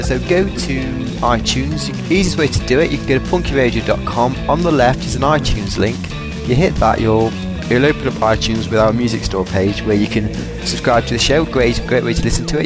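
An easygoing man co-hosting a podcast, reading ad copy and plugs in a relaxed, unhurried way. His pitch is mid-range, and loud guitar music plays behind his voice. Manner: easygoing, laughs through reads. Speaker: podcast co-host reading ads. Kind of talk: casual radio banter and ad reads.

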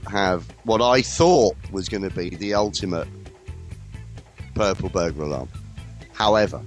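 Animated male radio host telling stories. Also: on the low side. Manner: lively, animated anecdote telling, swearing. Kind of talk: storytelling radio chat.

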